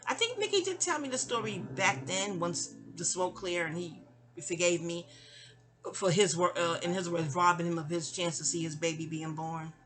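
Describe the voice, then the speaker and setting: A woman's voice: fairly low pitch, moderate pace, fairly bright tone, soft background music. A young woman casually telling a personal story, chatty and digressive, often trailing off into asides. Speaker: audio diarist.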